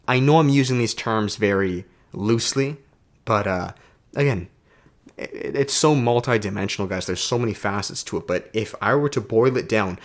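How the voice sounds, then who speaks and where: A man with a fairly low voice gives a motivational vlog monologue into the mic of the device he films on. He coaches self-development and talks in an emphatic, preachy way, peppering his points with curse words. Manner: emphatic, preachy, swears a lot.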